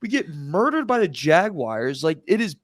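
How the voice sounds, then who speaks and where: A man co-hosting a sports podcast, animated and incredulous in casual chat. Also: fairly high pitch, moderate pace, no echo, studio quality. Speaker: podcast co-host.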